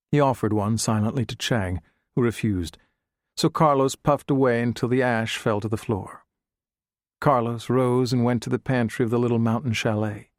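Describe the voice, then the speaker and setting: A man narrates an audiobook in a steady, measured voice of middling pitch. He reads close to a studio microphone. The sound is completely dry, with no room echo.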